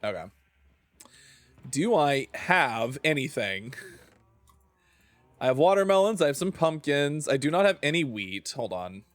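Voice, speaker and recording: A man's voice: a little high, sing-song, a little slow, long pauses, no room sound. A man streaming a video game, talking to himself and to chat, groaning and sighing over what he has lost. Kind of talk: casual gaming livestream commentary.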